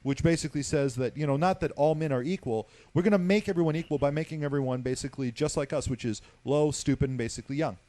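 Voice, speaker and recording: A man's voice: fairly high pitch, quick pace, hardly any pauses, warm tone, dry recording. A man hosting a casual talk show, talking in a heated, profane way and leaning on the word "basically.". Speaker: host.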